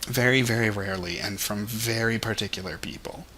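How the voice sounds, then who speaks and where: A man's voice: fairly low pitch, a little fast, bright, forceful tone, slight background noise. A young man talking in a casual vlog monologue, rambling and candid, with lots of "like" and "you know". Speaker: vlogger.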